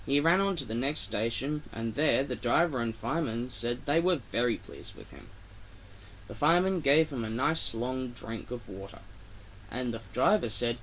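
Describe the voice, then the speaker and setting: A man reading a children's railway storybook aloud, expressive. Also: mid-range voice, moderate pace, slight background noise.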